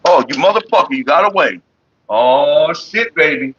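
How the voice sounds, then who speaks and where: A man from Florida streaming casually from his computer desk, cussing and ranting loudly. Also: fairly high pitch, expressive, brisk, breathy edge. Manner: profane, cussing out bugs. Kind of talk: casual livestream rant. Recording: dull lo-fi stream audio.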